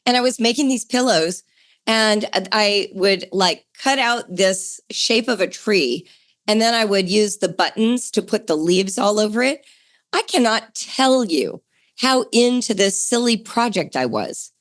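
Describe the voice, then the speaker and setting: A middle-aged woman hosting a homeschooling podcast, talking in a chatty, enthusiastic way that jumps higher for emphasis. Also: expressive, a little slow. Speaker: podcast host.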